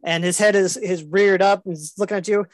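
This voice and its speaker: A woman narrating a tabletop game as game master, relaxed with fillers and restarts. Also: medium pitch, brisk, no echo.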